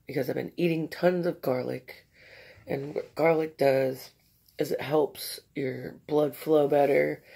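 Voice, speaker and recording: Tired, raspy woman vlogger. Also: extremely low pitch, a little mellow. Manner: rambling, chatty between bites. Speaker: mukbang vlogger. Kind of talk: casual eating vlog chat.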